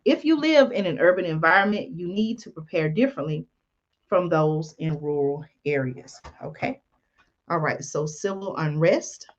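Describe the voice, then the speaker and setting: A woman's voice: low-pitched, animated, moderate pace, muffled recording. A woman host reading from an article and adding folksy comments, with many ums and "y'all". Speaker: channel host.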